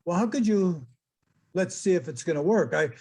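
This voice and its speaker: A middle-aged man with a husky, slightly breathy voice that sits a little high for a man. He recounts his experiences as a hypnotist to an online audience, slipping into the voices of the people he quotes. It sounds like he's talking into a computer mic on a video call. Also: normal speed, rough recording. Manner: animated storyteller who acts out quoted voices. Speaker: hypnotist giving an online talk. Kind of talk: storytelling presentation to a live online audience.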